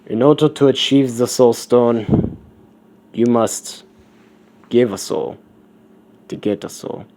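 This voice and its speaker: A man voicing a hooded, floating, skull-faced male guardian in a fan story, with a deep booming voice and a mock German accent. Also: lively intonation, unhurried, dark tone, a little hiss or hum. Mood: ominous.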